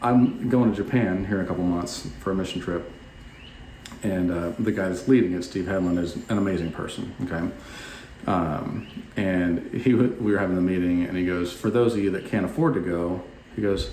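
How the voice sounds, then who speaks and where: A man vlogging his house renovation in a playful, mock-excited way, then turning to earnest preaching. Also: low-pitched, brisk, a little hiss or hum. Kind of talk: casual talk to camera with preaching. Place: unfinished house interior. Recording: echoey empty house.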